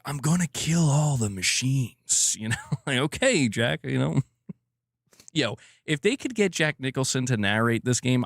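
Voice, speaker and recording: A man's voice: mid-range voice, dry recording, clean studio sound. A man hosting a live stream, chatting casually and bluntly, swearing and laughing a lot while reading viewer comments. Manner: blunt, profane, laughs often.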